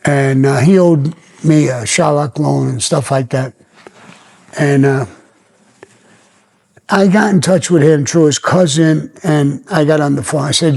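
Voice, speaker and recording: Older new guy telling stories on his podcast, blunt, curses a lot, slightly high voice. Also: a little slow, creaky, long pauses, darkish tone. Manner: blunt, profane, plainspoken storyteller. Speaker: podcast host. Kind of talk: storytelling podcast.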